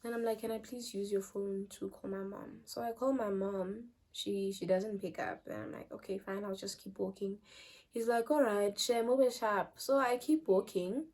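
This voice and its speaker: Speaking at a normal speed, a young woman from South Africa shares a relaxed story with her channel viewers. She's animated and chatty, weaving in Zulu and other local phrases naturally, her mid-pitched voice leaping loud at key moments before dropping almost to a whisper.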